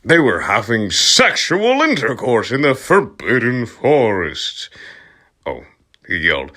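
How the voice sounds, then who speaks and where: A man's voice: on the low side, big pitch swings, slow pace. A man giving an amused, comic reading of a story, breaking off to laugh and comment, sometimes dropping to a whisper. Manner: drops into soft whispers at times. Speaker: channel host reading aloud. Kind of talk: comic reading of fan fiction, ASMR.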